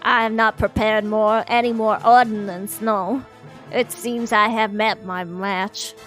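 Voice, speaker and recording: A suave, flirtatious gentleman dove, as a woman streamer puts him on, courtly and smooth, sliding into a mock French accent. His voice sits lower than her own but stays bright, and his pace is slow and unhurried. Faint music plays underneath. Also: steady tone. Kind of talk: live-streamed game reading.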